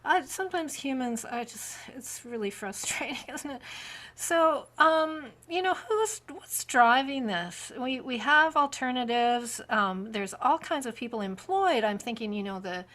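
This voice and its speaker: A woman's voice: a little high, animated, measured pace, a bit bright. A woman hosting a podcast interview, chatty and rambling as she thinks aloud. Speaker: podcast host. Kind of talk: casual interview chat.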